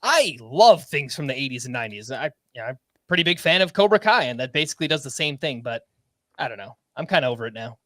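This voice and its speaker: Man, podcast co-host, casual chat, animated, lively pitch, dry close mic. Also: fast talker, no echo. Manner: animated, reads listener submissions aloud. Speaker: fantasy baseball podcast co-host.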